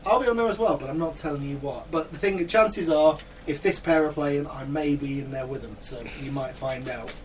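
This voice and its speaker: A man's voice: a little high, a little fast, few pauses. A man co-hosting a casual podcast, talking in a dry, teasing, mock-serious way. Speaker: podcast co-host. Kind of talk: casual banter. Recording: distant mic with audible background noise.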